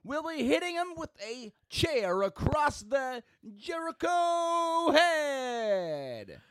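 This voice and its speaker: A man's voice: very high-pitched, very animated, a bit bright, no room sound, studio quality, pitched above the performer's own voice, heavily acted. A man putting on the voice of a wrestling ring announcer, drawing out every word. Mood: hyped. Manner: drawn-out announcing.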